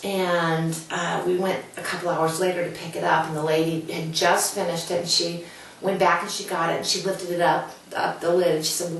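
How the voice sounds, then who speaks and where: A woman's voice: on the low side, steady tone, normal speed, fairly bright tone. A woman author telling a personal story in an earnest, heartfelt way, talking casually to the camera. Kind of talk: casual guest talk to camera. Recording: very echoey room, voice from a distance.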